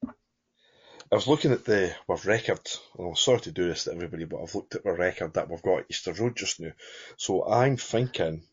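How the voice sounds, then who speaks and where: A Scottish man with a low, husky voice talks through a football podcast. He rambles and circles back with fillers. The audio is dull and lo-fi. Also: fairly quick. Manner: rambling, many fillers and restarts, chuckling. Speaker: podcast co-host. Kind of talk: casual football chat.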